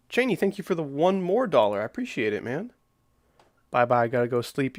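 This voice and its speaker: A man in his thirties rambles casually to his stream chat while he plays, his talk loose and full of filler words. Faint music sits low in the background. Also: very animated, brisk, darkish tone. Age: 30s. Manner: rambling, many "like" fillers, reacts to chat mid-play. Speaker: streamer playing requested game levels. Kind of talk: casual livestream chat answering viewers.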